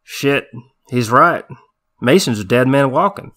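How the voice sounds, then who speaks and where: A man's voice: medium pitch, animated, a little slow, pushed and bright. A man voicing a rowdy, crude male army veteran who talks brashly and vulgarly.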